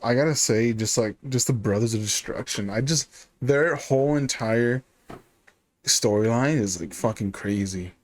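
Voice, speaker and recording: A man's voice: mid-range voice, moderate pace. A man hosting a casual podcast chat, laid-back, laughing often and calling his guest dude.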